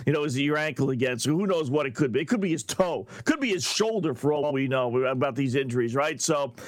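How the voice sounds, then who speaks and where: A man's voice: mid-range voice, a little fast, no echo. Middle-aged guy doing a sports betting radio show, brash and sarcastic, rambles on, dry close sound. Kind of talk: sports talk radio monologue.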